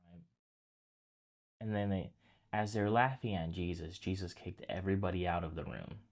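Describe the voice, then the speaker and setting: A man with a low, gravelly voice preaches a casual sermon at a moderate pace, retelling a story and speaking directly to his listeners. He keeps it conversational, calls the audience "guys," and often restarts his phrases.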